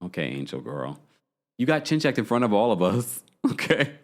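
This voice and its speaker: A man chats casually through a reality TV recap, his voice swooping high and low. He is playful and keeps putting on little voices for the people he quotes. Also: normal speed. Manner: animated, playful, mimics quotes with pitch jumps. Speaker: podcast host recapping reality TV. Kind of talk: casual chat.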